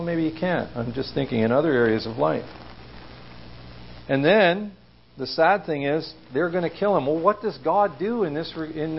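Man preacher, gravelly and fairly high, casual sermon with lots of questions to the room, muffled lo-fi church recording. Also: slight background noise. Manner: conversational, asks the listeners questions. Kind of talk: informal sermon.

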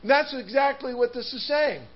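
A man's voice: very high-pitched, normal speed, muffled recording. A man preaching a sermon, telling a story with laughs and restarts before turning to scripture. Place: church hall.

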